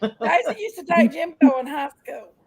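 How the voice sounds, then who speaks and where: High-pitched mischievous woman stirring gossip. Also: lively intonation, normal speed. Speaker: host's sister. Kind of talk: casual trolling chat.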